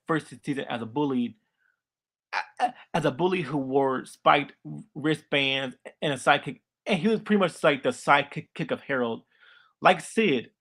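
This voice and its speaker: A young man giving casual cartoon commentary, halting and heavily repetitive as he talks. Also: on the high side, fairly bright tone. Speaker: video commentator.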